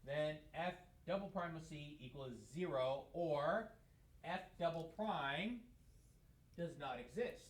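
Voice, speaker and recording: This man's math lesson is recorded in an echoey classroom, his slightly higher voice moving at a slow pace. His lecturing is conversational, full of questions he asks and then answers on his own.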